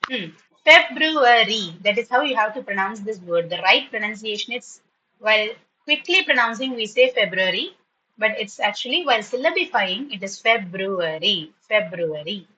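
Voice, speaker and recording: Female teacher, bright and a bit high, patient, stretching each word to model it. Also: lively intonation, highs cut off, slight background noise. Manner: patient, repeats words slowly to model pronunciation. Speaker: spoken English teacher. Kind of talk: online class for school students.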